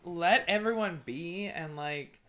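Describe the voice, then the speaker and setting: A woman's voice: lowish voice, slow, background noise. A woman comedian co-hosting a podcast, talking casually and bluntly, swearing freely. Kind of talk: casual chat.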